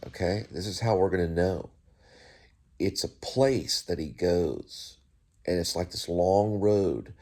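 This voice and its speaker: Middle-aged man, low gravelly voice, dark tone, rambling casual monologue with restarts. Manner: rambling, with frequent restarts and asides. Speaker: host.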